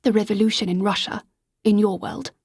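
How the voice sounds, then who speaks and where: A woman's voice: medium pitch, flat delivery, fairly quick, a little mellow, slightly rough, no echo, close to an everyday voice. A woman narrator voicing an older aristocratic lady who speaks in a genteel, polite way. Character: older aristocratic English lady, proper mother.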